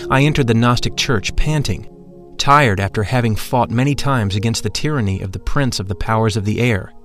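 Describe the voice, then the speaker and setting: A man narrating a mystical first-person account in an earnest, reverent reading. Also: mid-range voice.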